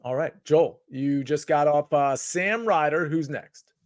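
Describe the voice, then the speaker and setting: A man's voice: on the high side, measured pace, no echo. A man hosting a casual live sports chat, rambling with many filler words and restarts. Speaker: podcast host.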